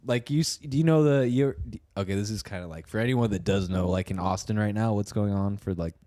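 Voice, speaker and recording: A man's voice: on the low side, brisk, warm tone, no echo, studio quality. A young man who co-hosts a casual comedy podcast. He rambles, restarts his sentences and laughs often.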